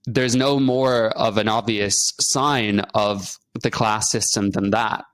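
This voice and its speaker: A man from Ireland with an Irish accent, hosting a podcast and putting questions to his guest in a measured way, thinking aloud with fillers. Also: fairly low pitch, fairly even intonation, fairly bright tone, dry recording. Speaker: podcast host. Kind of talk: casual interview conversation.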